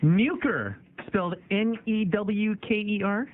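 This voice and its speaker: Wisecracking radio host on a tinny line. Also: male voice, sits high, slow pace, slight background noise. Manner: wisecracking, teasing callers. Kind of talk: joking call-in radio banter.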